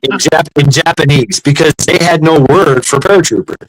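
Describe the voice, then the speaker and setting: A man's voice: fairly high pitch, fairly quick, no echo, faint music behind, rough recording. A middle-aged man chatting casually, telling rambling stories with lots of swearing and restarts. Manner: profane, rambling storyteller with many restarts. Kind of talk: casual chat.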